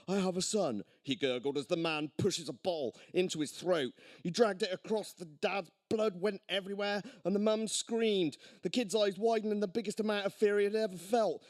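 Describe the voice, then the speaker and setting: A man reading his own crude comic horror story aloud at a live storytelling night, gleeful and deadpan about the gore. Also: high voice, no echo, clean studio sound.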